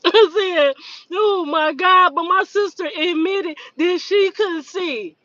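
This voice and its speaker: A woman's voice: very high voice, slow pace, dry recording, muffled recording. A woman hosting a casual livestream who tells stories to her viewers, laughs often and acts out the voices in her stories. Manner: lively, laughs often, acts out quoted dialogue. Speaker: livestream host.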